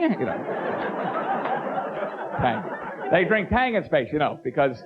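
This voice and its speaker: Male stand-up comic, raised voice, lively swings in pitch, dull hissy tape sound. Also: takes it slowly, long pauses, over a noisy crowd. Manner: animated, stammering restarts, slips into impressions. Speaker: stand-up comedian. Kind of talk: stand-up comedy.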